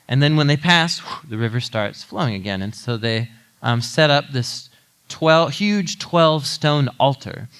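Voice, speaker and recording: A man pastor giving a conversational sermon, telling a story with animated asides to the audience. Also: medium pitch.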